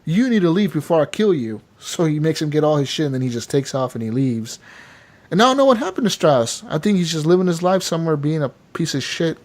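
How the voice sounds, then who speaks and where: A man on a casual gaming podcast, recounting what happened with lively energy. His voice sits a little higher than most men's, and he curses offhandedly as he talks. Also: fast talker. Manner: animated storytelling with casual swearing. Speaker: podcast co-host.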